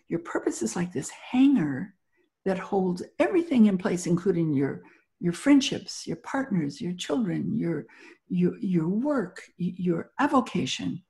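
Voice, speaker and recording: Middle-aged woman, low warm voice, animated motivational storyteller, interview guest. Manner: animated storyteller acting out little quoted scenes. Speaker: guest, business founder.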